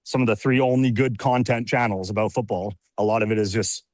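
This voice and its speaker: A man's voice: on the low side, steady tone, fairly quick, dry recording. A man calling in on a video call, debating earnestly with lots of filler words and hedges. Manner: earnest, hedging with many fillers. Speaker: caller.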